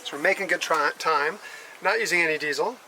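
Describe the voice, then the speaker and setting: A man hosting a sailing vlog. He talks casually in a relaxed way and explains things plainly. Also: fairly high pitch, fairly quick, a little hiss or hum, rough recording. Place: outdoors on a sailboat at sea.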